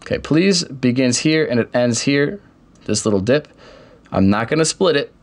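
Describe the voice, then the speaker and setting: A young man casually walking through software steps in a screen-recorded tutorial, with keyboard typing behind him. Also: medium pitch, expressive, moderate pace. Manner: step-by-step, casual explaining. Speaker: tutorial host.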